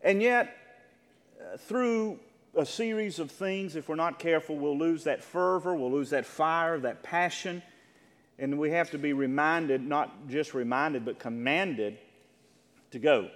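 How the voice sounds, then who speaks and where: A man preaching a sermon as pastor, asking the congregation for agreement and rising to loud, emphatic peaks. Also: on the high side, measured pace, long reverb tail.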